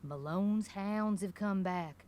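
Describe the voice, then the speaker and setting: A woman's voice: mid-range voice, takes it slowly, noisy background, lightly acted. An actress voicing a gossipy small-town shopkeeper woman in a video game, talking in a folksy rural drawl full of colorful slang. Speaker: general store owner.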